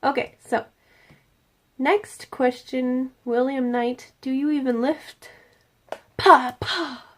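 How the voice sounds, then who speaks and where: A woman's voice: high voice, fairly even intonation, slow, a little mellow. A young woman hosting a casual Q&A vlog from her room at home at night, playful and jokey. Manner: playful and jokey, slipping into silly voices. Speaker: YouTuber host.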